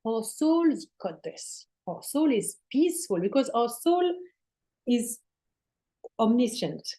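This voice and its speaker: A woman spiritual teacher speaking as a guest in casual spiritual talk, swearing casually and sometimes dropping into soft near-whispers. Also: on the high side, very animated, slow pace.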